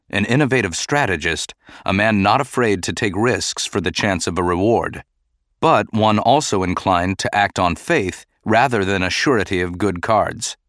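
A man narrating an audiobook chapter, with steady, even storytelling. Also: fairly low pitch, dry recording, studio quality. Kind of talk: scripted narration.

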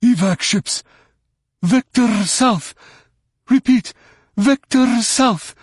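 A man voicing an alien defense officer who shouts urgent evacuation orders. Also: very high voice, drawn-out words, husky, no echo, clean studio sound, voice pushed up, exaggerated voice.

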